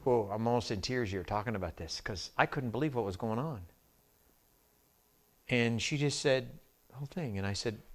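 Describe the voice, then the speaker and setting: A man's voice: medium pitch, normal speed. A male pastor preaching a conversational sermon, calling out to the congregation to check they follow. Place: church sanctuary.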